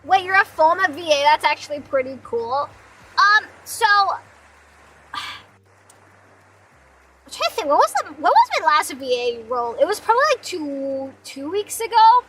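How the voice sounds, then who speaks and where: Playful young woman streamer, high bright voice, giggly banter. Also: big pitch swings, a little hiss or hum, poor audio. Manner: playful, giggly, quick self-deprecating banter. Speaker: streamer, part-time voice actor. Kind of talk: casual live-stream chat.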